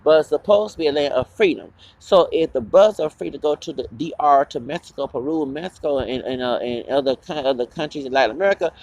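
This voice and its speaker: A man's voice: on the high side, quick pace, few pauses, a little mellow, no echo. A man hosting his own channel, delivering an angry, profane and rambling confrontational vlog rant. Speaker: channel host.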